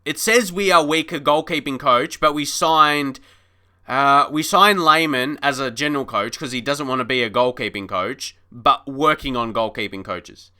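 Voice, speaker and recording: A man with a bright, forceful, medium-pitched voice talks at normal speed while casually commentating a live-streamed football management game. He's chatty, pretends to be frustrated, laughs, and talks to his chat.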